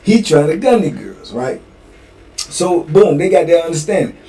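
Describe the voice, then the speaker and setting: A man's voice: on the high side, animated, moderate pace, dark tone, distant mic. A man hosting a show, telling a prison story in a slangy, conversational way. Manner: slangy, conversational, drawling asides. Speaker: host telling prison stories.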